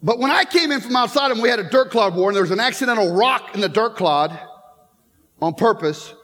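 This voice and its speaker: A man's voice: sits high, animated, fairly quick, fairly bright tone, big-room sound. A man in his fifties preaching a sermon in a church, telling stories and joking with the congregation. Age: 50s. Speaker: pastor. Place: church sanctuary.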